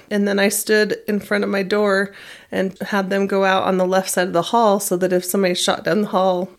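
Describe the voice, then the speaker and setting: A woman teacher calmly recounting a personal experience in an interview, measured and plain-spoken. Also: medium pitch, vocal fry. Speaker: middle school math teacher.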